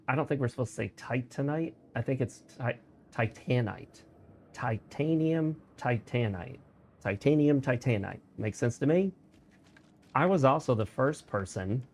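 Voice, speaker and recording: A man talking casually while he streams a video game, explaining mechanics and sharing opinions as he plays. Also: mid-range voice. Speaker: gaming streamer. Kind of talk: casual let's-play commentary.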